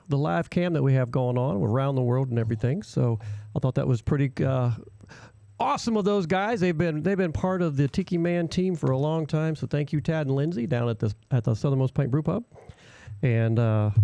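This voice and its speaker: A man's voice: on the high side, vocal fry, warm tone, no room sound. Chatty man hosting live radio. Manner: rambling, chatty, with frequent fillers. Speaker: radio show host. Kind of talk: casual live radio chat. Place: small home radio studio.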